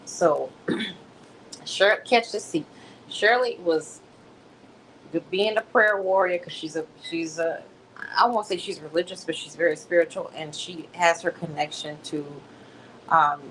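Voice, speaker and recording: A woman's voice: fairly low pitch, fairly bright tone, a little hiss or hum, poor audio. A woman hosting a livestream, chatting in a gossipy way and calling listeners baby. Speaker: livestream host. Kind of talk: casual live stream commentary.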